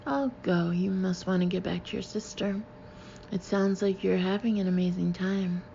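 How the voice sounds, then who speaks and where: A woman voicing a bubbly, warm young female friend talking on the phone. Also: on the low side, steady tone, normal speed, gravelly, lo-fi sound, slight background noise. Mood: wistful.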